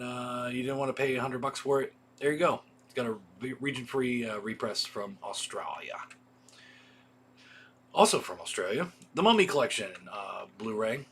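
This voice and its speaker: A man's voice: medium pitch, bright, forceful tone, husky. A man hosting a casual livestream, reading off a list of titles with offhand asides. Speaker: video store host. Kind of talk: casual livestream product rundown.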